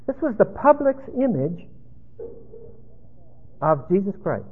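Brief: male preacher teaching a sermon, husky and fairly high, tinny lo-fi sound. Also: sing-song, slow pace. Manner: emphatic, rambling teaching. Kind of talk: expository sermon.

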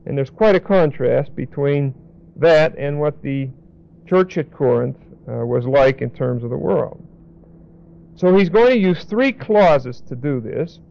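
Male Bible teacher, slow and deliberate, fairly high voice, dull lo-fi recording. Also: creaky. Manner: deliberate, repeats and spells out key words.

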